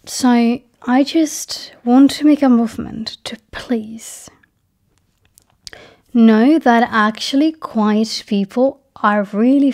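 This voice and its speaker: A woman talking to her viewers in a personal monologue. She speaks softly, often slipping into a breathy half-whisper, and lays slow, deliberate stress on key words. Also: a little high. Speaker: vlogger.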